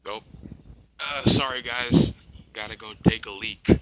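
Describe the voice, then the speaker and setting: A man's voice: medium pitch, unhurried, a crowd in the background, poor audio. A tired man narrating an improvised story at home, rambling with many fillers. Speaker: storyteller and video maker.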